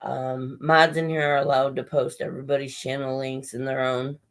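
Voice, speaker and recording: A woman's voice: extremely low pitch, level tone, moderate pace, rough recording. Breathless, strained woman chatting on a livestream. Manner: rambling, chatty, swears casually, greets viewers by name. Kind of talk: casual livestream chat.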